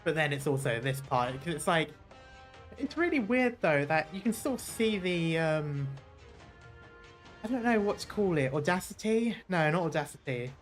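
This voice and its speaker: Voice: medium pitch, big pitch swings, moderate pace, soft background music. A game streamer chatting casually through a playthrough, rambling and correcting themself, swearing now and then. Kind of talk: casual let's-play commentary.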